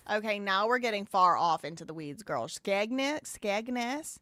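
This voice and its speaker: A woman's voice: mid-range voice, animated, unhurried, fairly bright tone, slight background noise. A woman hosting a live stream, chatting casually, laughing and repeating phrases as she goes. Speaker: live show host.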